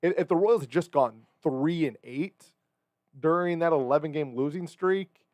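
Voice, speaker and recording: A man's voice: a little high, moderate pace, a little mellow, dry recording. A man co-hosting a sports talk radio show, joking and rambling as he corrects himself mid-sentence. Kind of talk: casual sports radio banter.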